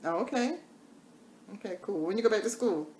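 A woman's voice: mid-range voice, animated, brisk, darkish tone, roomy sound, slight background noise. A woman chatting casually through a live makeup tutorial, repeating catchphrases in a sing-song way. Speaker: makeup vlogger.

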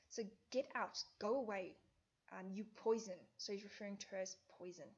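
A woman's voice: mid-range voice, normal speed, slightly rough. A woman teacher explaining a classic play in a lesson video, turning old lines into plain modern speech. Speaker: English teacher.

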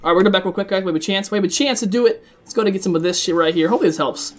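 Excitable, swearing gaming commentator, man. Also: high-pitched, very fast. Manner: excitable, swears a lot, chats to viewers. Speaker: gaming video host. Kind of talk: live gameplay commentary.

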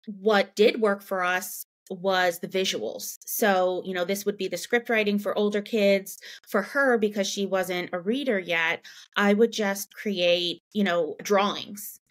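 A woman in her thirties, a mother and podcast guest, telling a story in a relaxed interview, full of "you know" and "right?". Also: measured pace. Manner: animated, acts out quoted dialogue in a raised pitch; chatty, many "you know" and "right?" fillers. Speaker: guest, parent.

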